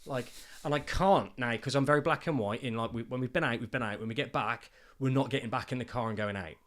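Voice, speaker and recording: A man hosting a podcast, telling stories in a lively way and swearing freely. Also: mid-range voice, quick pace. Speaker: podcast host and father. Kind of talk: casual podcast chat.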